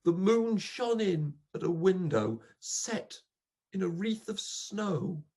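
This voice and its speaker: A grief-stricken old pauper man, bitter and accusing, as a reader recites him. The husky voice moves slowly and swings wildly in pitch, dropping to hushes and surging to cries. It is a melodramatic poetry recitation. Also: lively intonation. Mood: grieving.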